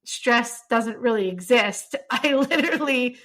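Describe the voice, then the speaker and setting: A woman hosting a podcast, talking in an eager, chatty way. Her voice sits a touch high and rings bright and forceful. She laughs easily between questions. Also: measured pace. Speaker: podcast host. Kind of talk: casual interview chat.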